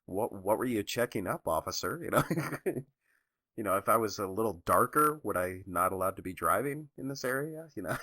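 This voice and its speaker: Deep bright-toned laid-back man. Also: expressive, moderate pace. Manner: laid-back storyteller, many fillers and chuckles. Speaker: podcast co-host. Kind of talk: casual chat.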